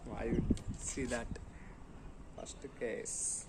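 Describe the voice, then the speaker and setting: A man with an Indian English accent, chatting slowly through an unboxing vlog, humming and making sound effects as he goes. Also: medium pitch, heavy background noise. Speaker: vlogger.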